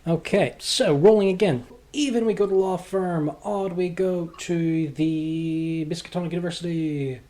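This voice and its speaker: A man's voice: on the high side, a little slow, few pauses, mellow. A man narrating a tabletop game as game master, in a jokey, teasing way.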